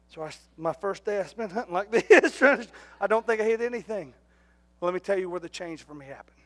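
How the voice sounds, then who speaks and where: High-voiced pastor, lively. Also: male voice. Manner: animated, jokey, shouts at punchlines. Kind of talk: storytelling sermon. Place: church.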